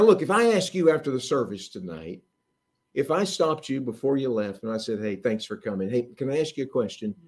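A middle-aged man with a medium-pitched voice preaches a sermon, acting out the disciples' voices. He swings between loud emphasis and hushed asides.

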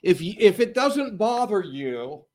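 A man's voice: sits high, very animated, measured pace, darkish tone. A man preaching a sermon, telling a Bible story in an earnest, storytelling manner.

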